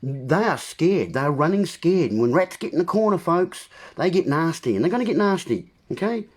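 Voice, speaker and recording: Frustrated guy ranting to his viewers, husky voice, swings up and down a lot. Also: fairly high pitch, big pitch swings, moderate pace. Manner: impassioned, emphatic wordplay ranting. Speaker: vlogger. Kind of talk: solo monologue to viewers.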